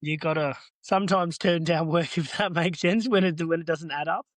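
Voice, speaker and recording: Australian man, guest on a trade podcast, lively yarn-spinner, slightly high voice, dry close recording. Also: moderate pace, dry recording. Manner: animated, acts out both sides of conversations. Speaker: podcast guest, earthmoving business owner. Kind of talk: casual storytelling.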